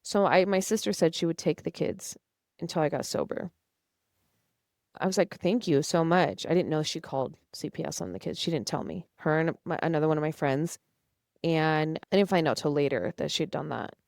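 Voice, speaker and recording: A woman's voice: deep voice, brisk, gravelly, darkish tone, no echo, studio quality. A young woman, a podcast guest, telling her personal story earnestly and emotionally, acting out past conversations. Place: studio.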